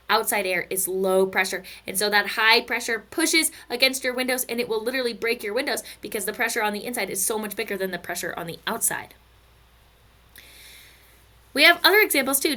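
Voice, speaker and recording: A woman's voice: a little high, sharp tone. A woman teaching a recorded physics lesson, chatty and playful, slipping into silly stories and asides.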